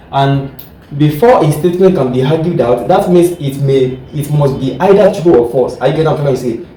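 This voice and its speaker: A man's voice: fairly high pitch, dark tone, roomy sound, distant mic, slight background noise, low-quality recording. A male teacher giving a lecture, repeating words and often asking the class whether they follow. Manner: keeps checking "are you getting what I'm trying to say?"; repeats and restarts words while explaining.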